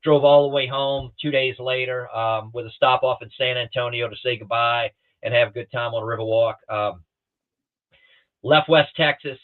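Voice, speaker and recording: A middle-aged man from the Southeastern United States, a guest pilot on a podcast, telling stories with lively energy and acting out other people's lines. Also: medium pitch, normal speed. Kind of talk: storytelling in a podcast interview. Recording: thin phone-like remote call audio.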